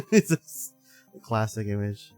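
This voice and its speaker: A man's voice: lowish voice, sing-song, unhurried, mellow, faint music behind. A man in his twenties hosting a live stream, chatting casually, sleepy and rambling with frequent laughs. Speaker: streamer host.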